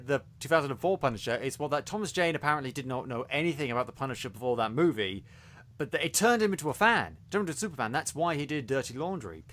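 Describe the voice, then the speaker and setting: The podcast co-host here has a slightly high, sharp-toned voice. He rambles enthusiastically through a casual review show, stumbling over plenty of fillers and restarting his sentences.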